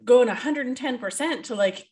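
A woman's voice: on the high side, expressive, normal speed, darkish tone. A woman, a coach, co-hosting a podcast in chatty, upbeat casual talk with frequent giggles. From Canada. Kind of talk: casual chat.

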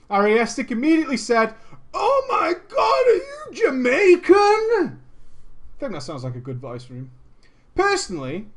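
A man's voice: high voice, a bit bright. A man streaming, reading a viewer's story aloud with crude, swearing, jokey asides.

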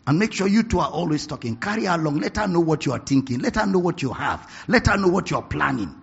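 A man preaching a sermon, telling stories with animated bursts of laughter and shouting. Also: a little high, quick pace, creaky, husky. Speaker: pastor. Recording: dull lo-fi recording.

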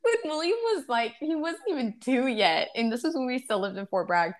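A woman co-hosts a casual podcast with a very lively, swinging voice. She tells frank stories about her son and swears a little now and then. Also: a little high, a little fast. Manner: expressive, frank storyteller with mild swearing. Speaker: podcast co-host. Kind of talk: casual chat.

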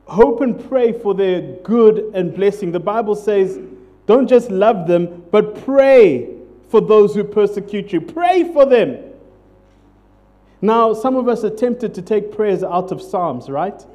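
A pastor preaching in an unhurried, easygoing sermon. His voice sits high for a man yet sounds mellow and warm. He keeps it conversational and jokey, checking in with the congregation as he goes.

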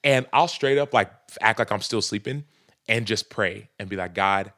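A man's voice: on the low side, normal speed, fairly bright tone, no echo, clean studio sound. A man in his thirties, a podcast guest talking earnestly and reflectively in casual conversation, often breaking into laughs.

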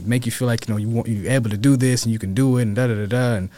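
Lively man telling stories. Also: medium pitch, very fast, a little hiss or hum. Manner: animated, acts out quotes in a raised voice. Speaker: real estate agent guest. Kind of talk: casual storytelling interview.

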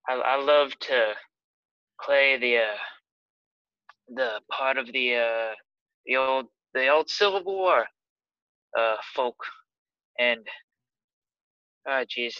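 A man's voice: mid-range voice, slow, pauses often, smooth, no echo, lo-fi sound, close to an everyday voice. A man voicing a prankish old boss in a wheelchair who speaks in a genteel, fussy way. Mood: self-satisfied. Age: older. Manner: genteel, fussy, prone to memory lapses.

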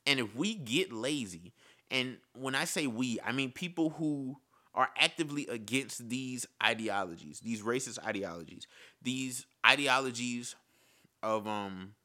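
A man's voice: mid-range voice, expressive, unhurried, bright, forceful tone. A man giving an impassioned casual monologue, repeating his points and calling the listener "bro". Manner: impassioned, repetitive, says "bro".

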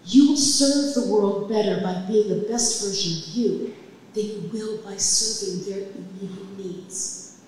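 A middle-aged woman tells her own story live on a club stage, pressing her words with emphatic, impassioned force. Her voice sounds distant, carried by a long, echoing room reverb over a faint hum of noise. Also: mid-range voice. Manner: emphatic and impassioned, building to loud peaks.

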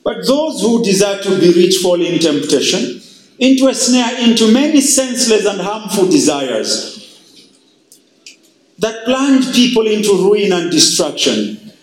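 Slow, high-voiced preacher. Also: male voice, big pitch swings, roomy sound, low-quality recording. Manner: emphatic, repetitive preaching with scripture reading. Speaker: pastor. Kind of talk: sermon.

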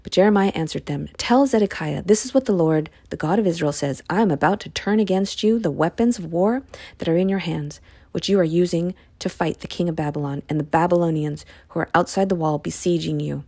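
A woman reading scripture aloud and explaining it in a casual, expressive way, sometimes dropping into a hushed whisper. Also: lowish voice, brisk, breathy edge. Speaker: Bible study podcaster. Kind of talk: casual Bible reading with commentary.

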